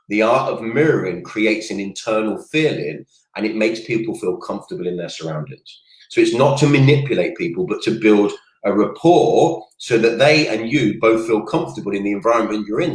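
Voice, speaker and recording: Male coach with a low voice, upbeat and rambling, echoey room. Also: brisk. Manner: energetic, rambling, goes off on tangents. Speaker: network marketing coach. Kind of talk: casual livestream coaching talk. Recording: roomy echoey room sound.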